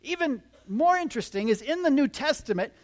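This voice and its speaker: A male pastor preaching a teaching sermon to a congregation, lively and explanatory with joking asides to the listeners. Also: very high voice, a little fast. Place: church before a live congregation.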